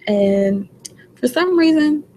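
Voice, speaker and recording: A woman's voice: high voice, lively intonation, slow pace, mellow, slight background noise, rough recording. A young woman in casual chat, talking bluntly and profanely. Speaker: co-host.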